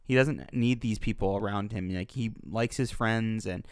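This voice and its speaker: A man casually discussing a film as a podcast co-host, relaxed and reflective. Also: fairly low pitch, normal speed, clean tone, no room sound, studio quality. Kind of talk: casual film review chat.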